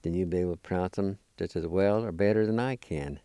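A man teaching a language lesson, spelling and pronouncing words syllable by syllable in a deliberate, patient way. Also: deep voice, warm tone, clean tone, dry recording.

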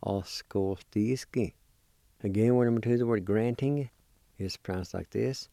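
A man teaching a vocabulary lesson, patiently spelling out each word letter by letter and pronouncing it slowly. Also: mid-range voice, gravelly, dark tone, no echo. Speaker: language teacher. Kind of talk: slow spelling and pronunciation lesson.

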